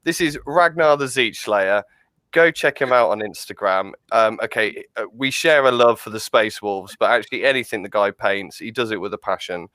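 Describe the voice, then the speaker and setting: A male host opens a livestream and introduces guests with upbeat friendliness. His voice is a touch low and smooth, with a resonant tone. The sound is dry, with no room echo. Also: moderate pace, pushed and bright. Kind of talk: livestream hosting.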